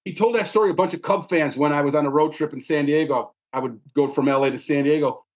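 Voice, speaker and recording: Guy hosting a podcast, kinda high voice, animated rambly storyteller, keeps saying man. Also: fast talker. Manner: animated storyteller, often ends phrases with "man". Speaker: podcast host. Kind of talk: casual storytelling chat.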